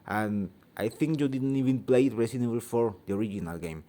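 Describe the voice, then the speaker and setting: Mexican guy ranting on his channel in second-language english, lots of ums, swears, soft dark tone. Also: medium pitch. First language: Spanish. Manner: halting, searching for words, many ums; blunt, swears freely. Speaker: channel host. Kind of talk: opinion vlog rant.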